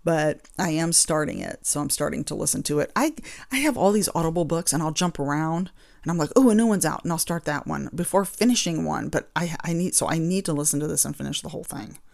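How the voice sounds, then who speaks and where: A woman's voice: deep voice, lively intonation, fairly quick, vocal fry, dry recording, clean studio sound. A woman hosting her own podcast, chatting casually and rambling, getting exasperated over small annoyances. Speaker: podcast host. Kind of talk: casual chat.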